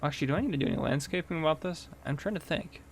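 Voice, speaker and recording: A man's voice: a little high, very fast, a little hiss or hum. A man casually commentating a farming game and telling police stories, chatty and laughing often. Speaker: gameplay host and police officer.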